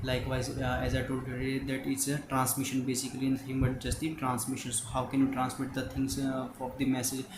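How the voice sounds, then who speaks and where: A man with an Indian English accent, explaining exam notes as a tutor and talking in halting starts with many fillers. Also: mid-range voice, completely flat delivery. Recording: echoey room with noise.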